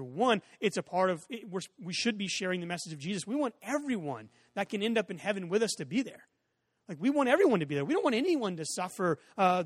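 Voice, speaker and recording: High-voiced pastor preaching in a hall. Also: male voice, clean studio sound. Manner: conversational storytelling, acts out exchanges in raised voices. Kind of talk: sermon. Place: church sanctuary with a stage and audience seating.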